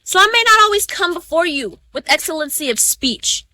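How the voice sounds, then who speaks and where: A woman's voice: very high-pitched, animated, normal speed, bright, forceful tone, no room sound. Emphatic young woman reciting oratory. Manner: rhythmic, emphatic recitation with pointed stresses. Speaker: student orator. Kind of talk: performed spoken-word oratory speech.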